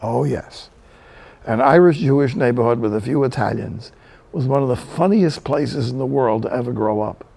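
An older man from New Jersey preaching a sermon, telling stories in a folksy, animated way. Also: mid-range voice, moderate pace, vocal fry. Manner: storytelling, folksy and animated with quoted asides.

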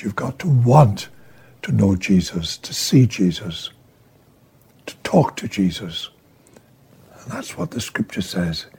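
A man preaches a sermon in a fairly low, breathy voice that often drops to a whisper. He's emphatic, swinging from hushed to raised.

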